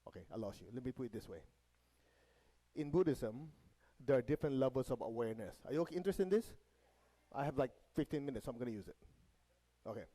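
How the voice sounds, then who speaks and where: Mellow-voiced man teaching a group. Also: medium pitch, expressive, quick pace, pauses often, poor audio. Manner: checks in with the audience, asks them to repeat after him; light joking asides. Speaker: meditation teacher. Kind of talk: spiritual lesson to a live group.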